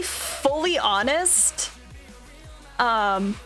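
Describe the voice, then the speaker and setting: A young woman chats casually on her stream in a bright, higher voice that swoops up and down. She rambles cheerfully and fills gaps with "um" and "like". Faint music plays under her talk. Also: expressive, takes it slowly. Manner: rambling, upbeat, lots of fillers. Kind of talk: casual chat.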